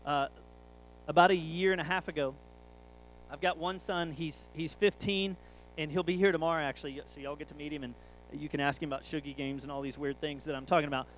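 A man's voice: a little high, steady tone, a little fast, slight background noise, poor audio. A man, preaching a sermon through a rambling, jokey family story.

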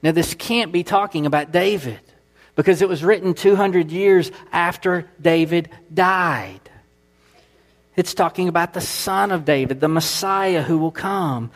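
A man preaching a sermon, earnest and building through emphatic repetition. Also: high voice. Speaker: pastor.

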